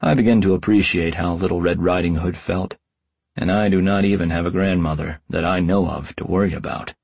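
A man's voice: low voice, steady tone, a little fast, vocal fry, darkish tone, breathy edge, dry recording. A man reading an audiobook in the first person as a tomcat detective, with a wry, hardboiled delivery. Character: wisecracking tomcat detective narrating. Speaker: audiobook narrator.

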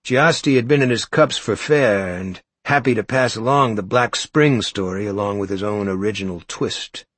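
Low husky male audiobook narrator. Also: fairly bright tone, no echo. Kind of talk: scripted first-person narration.

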